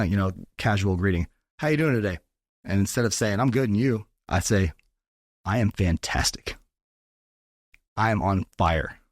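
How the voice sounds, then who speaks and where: Deep-voiced, earnest man. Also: darkish tone, no echo, studio quality. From Texas. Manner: earnest, profane, motivational. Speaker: podcast guest. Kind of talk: casual podcast talk.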